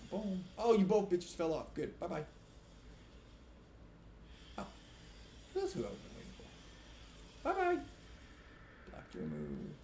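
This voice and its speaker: A man streams a game, swearing freely and venting at the controls, his voice swinging up and down with a lively pitch. His mic catches a roomy echo, with faint noise underneath. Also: measured pace, pauses often. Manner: profane, venting, animated. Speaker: gaming streamer. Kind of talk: live gameplay commentary. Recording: roomy livestream audio with faint background noise.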